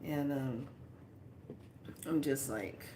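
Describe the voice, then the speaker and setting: A woman's voice: a bass voice, extremely slow, mellow, a little hiss or hum. A woman from California, a spiritual consultant and author, chatting casually and rambling through stories with frequent laughs. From California, United States. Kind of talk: casual livestream chat.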